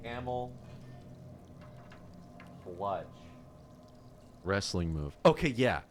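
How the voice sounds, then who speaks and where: A man's voice: lowish voice, animated, drawn-out words, over music. A man streaming a game, telling stories in casual chat. He laughs often and swears freely. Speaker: let's play streamer. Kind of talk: casual chat while gaming.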